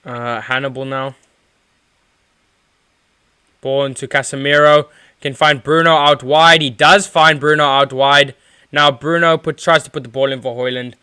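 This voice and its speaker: A man's voice: mid-range voice, steady tone, measured pace, long pauses, pushed and bright, clear, resonant tone, no room sound, clean studio sound. A man giving rambling live play-by-play as a football fan streamer, with lots of fillers and restarts. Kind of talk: live watchalong match commentary.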